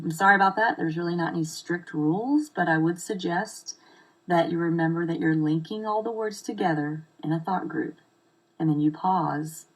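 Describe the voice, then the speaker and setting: A woman giving an informal live video lesson as an accent modification coach, explaining step by step with slow, deliberate examples. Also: low-pitched, husky, low-quality recording.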